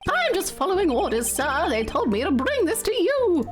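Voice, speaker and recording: A woman's voice: very high-pitched, big pitch swings, moderate pace, faint music behind, pitched above the performer's own voice. A woman voicing a jittery, eager young male police officer in a game, stammering and over-polite. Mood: nervous.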